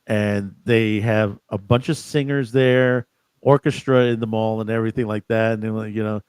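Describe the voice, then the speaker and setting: A man co-hosting a casual podcast chat, telling anecdotes in a halting way with many fillers and restarts. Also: fairly low pitch, steady tone, darkish tone, smooth. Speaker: podcast co-host.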